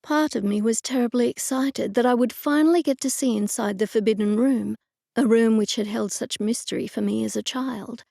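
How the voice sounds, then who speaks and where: A woman narrating a cozy mystery audiobook in a measured first-person storytelling manner. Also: on the high side, creaky, dark tone, dry recording, studio quality.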